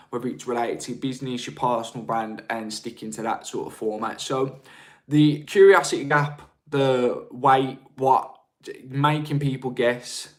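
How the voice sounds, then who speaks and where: A young man hosts a live stream in an easygoing, informal way. He drops slangy asides to his viewers as he talks. His voice sits in a middle register. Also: mid-range voice. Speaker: live-stream host on marketing. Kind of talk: casual live-stream talk, reading viewer chat.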